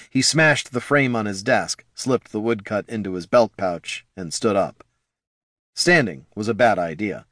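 A man narrating a fantasy audiobook in a lively, expressive storytelling manner. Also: on the low side, no room sound, studio quality.

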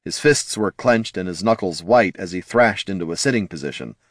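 A man narrating a fantasy audiobook in a lively, expressive reading style. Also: deep voice, normal speed, no room sound, clean studio sound.

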